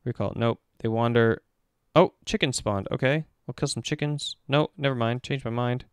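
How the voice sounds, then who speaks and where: A man who works as an esports performance coach gives casual, animated commentary as he breaks down a game replay step by step. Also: medium pitch, moderate pace, smooth, no echo, clean studio sound.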